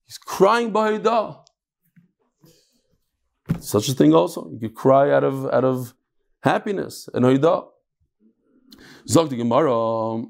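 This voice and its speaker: A man giving a casual Talmud lesson, explaining the text and telling jokes with animated storytelling. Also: a little slow, gravelly, pauses often. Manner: animated storytelling, lively shifts in pitch. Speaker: Talmud teacher.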